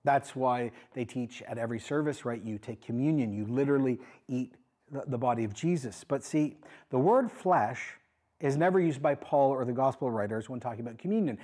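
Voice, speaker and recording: A man preaching a sermon as pastor, conversational and animated, with emphatic asides. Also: mid-range voice, fairly quick.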